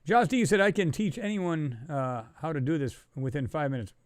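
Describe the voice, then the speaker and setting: Man, livestream host, excitable, slightly high voice, dry close sound. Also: moderate pace, dry recording. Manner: excitable, talks to chat viewers, reads their comments aloud. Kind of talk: casual livestream commentary on photos.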